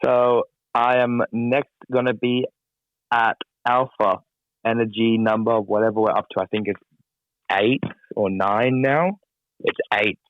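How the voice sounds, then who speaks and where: Deadpan male wrestler on dull audio. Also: mid-range voice, measured pace, dry recording. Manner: dry, self-deprecating humor. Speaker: pro wrestler guest. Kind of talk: casual interview chat.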